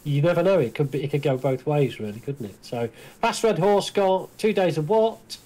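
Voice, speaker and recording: Male co-host, light higher voice, agreeable relaxed chat. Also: normal speed. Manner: agreeable, easygoing. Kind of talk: casual chat.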